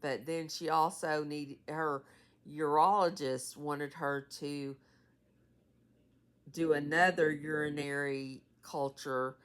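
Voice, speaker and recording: Woman in her sixties, deep-ish and unhurried, rambling caregiver update with a sleepy edge. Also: fairly even intonation. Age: 60s. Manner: rambling, many fillers and trailing asides. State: tired, yawning. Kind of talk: casual vlog update.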